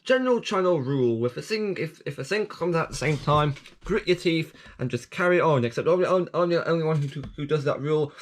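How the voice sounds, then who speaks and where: A man's voice: fairly high pitch, expressive, brisk, hardly any pauses, slight background noise. A man hosting his own channel, rambling through updates and app reviews with frequent restarts, self-corrections and self-mocking asides. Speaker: channel host.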